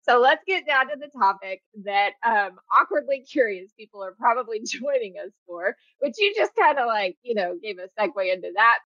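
Woman, podcast host, casual chat, laughs often, lively high voice, dry lo-fi sound. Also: normal speed, hardly any pauses, no room sound. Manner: laughs often, animated and teasing.

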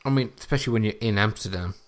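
A man co-hosting a podcast, chatting in a relaxed, appreciative way about a sitcom. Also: on the low side, very fast. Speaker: podcast co-host reviewing a sitcom. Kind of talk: casual chat.

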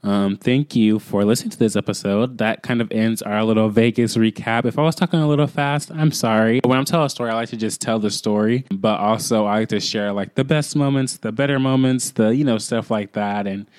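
Chatty young man, low dry voice. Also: fairly even intonation, darkish tone, clean tone, dry recording. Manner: chatty and rambling, quick bursts, frequent "like" fillers. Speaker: podcast host. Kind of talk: casual storytelling monologue.

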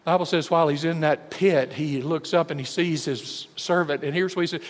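A man preaching a sermon as pastor, swinging dramatically between booming and hushed delivery. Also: fairly even intonation, brisk, hardly any pauses. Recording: long church hall reverb.

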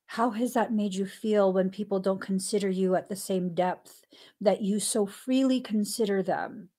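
A woman hosting a spiritual podcast, talking earnestly and candidly with thoughtful pauses. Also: mid-range voice, a little mellow. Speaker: podcast host. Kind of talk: reflective spiritual podcast talk.

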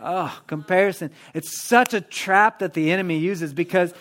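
High-voiced man preaching a lively sermon. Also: moderate pace. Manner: lively, conversational preaching that acts out everyday prayers. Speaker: pastor. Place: church.

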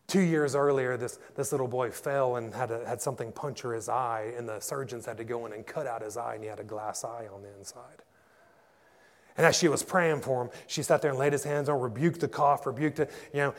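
A man, a pastor, preaching a passionate sermon and telling stories that build to loud peaks. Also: mid-range voice, a little fast, vocal fry. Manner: passionate storytelling, rising to shouts in climaxes. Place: church. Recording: echoey church hall.

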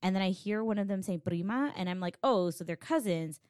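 A woman's voice: mid-range voice, animated, a little fast, darkish tone, dry recording, studio quality. A married woman talking frankly about a movie in casual chat, swearing and laughing easily. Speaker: co-host.

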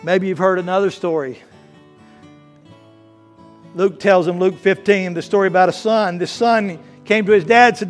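A man preaching a sermon as pastor, swinging from hushed, slow lines to loud, fervent ones. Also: high-pitched, steady tone. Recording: faint guitar music behind. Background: soft guitar playing.

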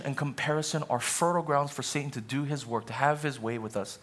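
A man's voice: mid-range voice, fast, hardly any pauses, a bit bright. A male pastor preaching a sermon in an earnest, conversational way, with asides to the congregation.

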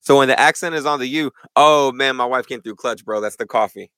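A young man chatting casually as a guest in a church interview, animated and full of slang. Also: medium pitch, fairly quick, smooth, no room sound. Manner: animated, slangy, says "bro" a lot. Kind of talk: casual chat.

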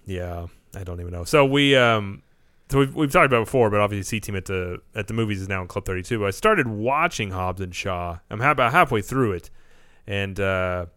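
A man's voice: lowish voice, lively intonation, brisk, bright, forceful tone, clean tone, dry recording. Chatty male podcast host, dry sound. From American Midwest. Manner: chatty, laughs often, restarts a lot. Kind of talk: casual chat.

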